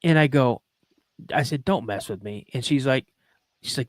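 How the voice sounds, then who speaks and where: This podcast host's mid-range voice moves at normal speed, with no echo. He relates a personal story in an earnest, emotional way, playing out the dialogue and peppering it with ums.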